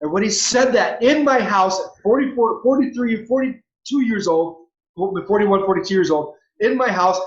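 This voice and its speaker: A high-pitched man in his forties, originally from Southern California, opens up in a heartfelt interview. He circles back over his words and restarts phrases earnestly. The audio is dull and lo-fi. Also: reverberant. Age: 40s. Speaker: interview guest, former pro baseball player. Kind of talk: heartfelt personal storytelling.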